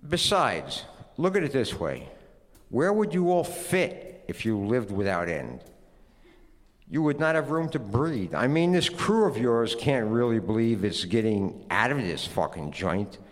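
Male reader voicing an old creator god: weary, gruff, profane, deep-voiced. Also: expressive, moderate pace, few pauses, big-room sound, close to an everyday voice. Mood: soft consoling. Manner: tired, gruff, swearing.

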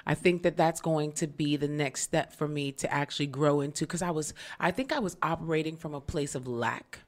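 Low-voiced woman telling animated stories. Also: a little fast. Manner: animated storyteller who acts out other people's voices. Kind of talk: casual chat.

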